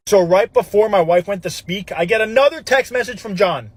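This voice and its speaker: A man's voice: sits high, expressive, fast talker, hardly any pauses. A man casually telling a funny story about his wife and neighbor, chatty and dramatic. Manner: chatty, dramatic when reading out messages.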